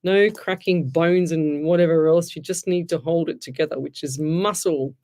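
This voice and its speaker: A woman's voice: low-pitched, normal speed, dark tone. Middle-aged woman, psychic host type, rambly and frank, talks straight to her listeners. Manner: chatty, rambling, frank and blunt advice. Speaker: psychic medium radio host. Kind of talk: casual live-stream chat, reading out comments.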